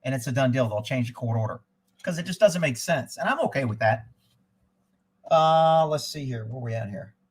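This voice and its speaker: A man's voice: medium pitch, expressive, moderate pace, a little mellow, breathy edge, rough recording. A man hosting a live stream, telling stories in a casual, rambling way, blunt and profane, digressing as he goes. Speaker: host of a live news and chat stream; former child abduction investigator.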